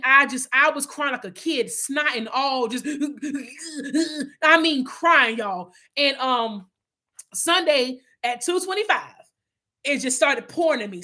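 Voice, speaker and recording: A woman's voice: high voice, pushed and bright. A woman leading an online Bible study in a casual, heartfelt way, talking straight to her listeners and often restarting her sentences. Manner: heartfelt, earnest, addresses listeners as y'all; rambling with frequent restarts. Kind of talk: casual spiritual talk to viewers.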